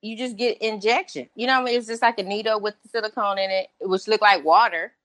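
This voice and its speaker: A woman in her thirties as an interview guest, telling her story casually in an excitable, animated way and acting out what people said. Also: mid-range voice, quick pace, no echo. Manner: excitable, animated, acts out quotes.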